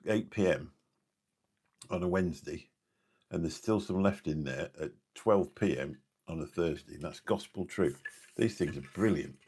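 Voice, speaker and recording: Husky low-voiced man streaming late. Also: darkish tone. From Lincolnshire, England. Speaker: live streamer reading chat. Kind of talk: late-night live stream chat.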